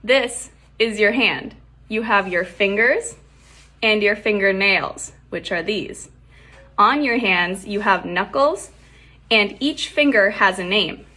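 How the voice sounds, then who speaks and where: Bright-voiced Southern woman teaching English. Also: medium pitch, slow. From Texas. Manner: clear, explanatory. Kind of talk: short English-tip reels.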